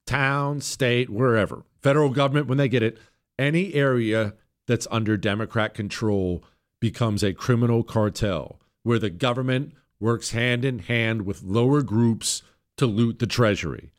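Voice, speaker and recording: Hoarse, emphatic talk radio host. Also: male voice, normal speed. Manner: emphatic, sarcastic, swings between loud jabs and low mutters. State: hoarse, voice nearly gone. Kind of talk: opinionated political talk radio monologue.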